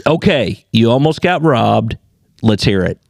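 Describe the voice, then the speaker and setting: Brief: male podcast co-host, gravelly voice, lively pitch, teasing banter, dry sound. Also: measured pace, dry recording. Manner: teasing, prompting.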